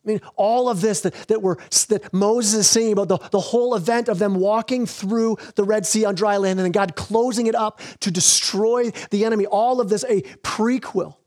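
Male pastor, higher-pitched voice, earnest sermon delivery with frequent restarts. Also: fairly even intonation, darkish tone. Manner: earnest preaching with repeated restarts, slows for emphasis.

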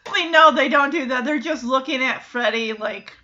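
Animated high-voiced woman recapping a TV episode. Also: moderate pace, hardly any pauses, lo-fi sound. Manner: animated, acts out quoted lines with laughs.

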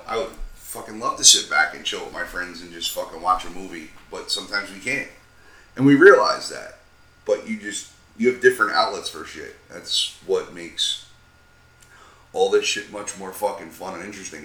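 A man's voice: sits low, moderate pace, bright, forceful tone. A man co-hosting a podcast, blunt and profane, philosophizing in casual chat. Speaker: podcast co-host. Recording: roomy with faint noise.

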